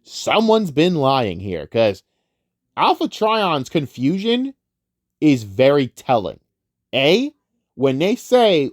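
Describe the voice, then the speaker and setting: A man's voice: on the high side, takes it slowly, no room sound, studio quality. A man giving a casual, profane, rambling film review rant. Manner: profane, rambling, animated ranting. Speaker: movie reviewer.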